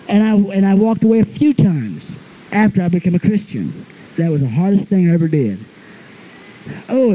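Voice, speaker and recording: A man's voice: high voice, dark tone, low-quality recording. A middle-aged man preaching a sermon in a folksy, storytelling way, laughing often as he talks.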